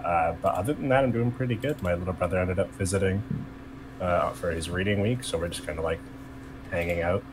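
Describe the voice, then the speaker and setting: A man's voice: sits low, brisk, background noise. A man co-hosting a livestreamed podcast, chatting casually in an easygoing way. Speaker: podcast co-host.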